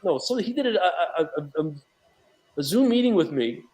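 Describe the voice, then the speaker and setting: A man's voice: sits high, sing-song, moderate pace, a little mellow. A man speaking as a guest in a casual interview, from New York, rambling with many fillers and restarts. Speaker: guest, documentary associate producer.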